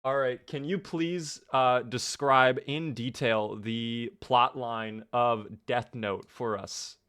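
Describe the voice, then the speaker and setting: Young male streamer, mid-range voice, quick to react and chatty with his viewers. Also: medium pitch, smooth. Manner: excitable, reactive, thanks viewers often. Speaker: game streamer. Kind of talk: live gameplay commentary.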